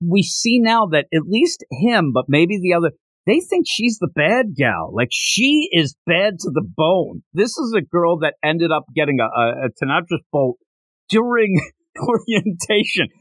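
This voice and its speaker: Man podcast host, lively and fairly high voice, dry close sound, acts out scenes as he retells them. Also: no echo. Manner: animated, acts out character lines in quick voices. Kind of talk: casual chat recapping a manga chapter.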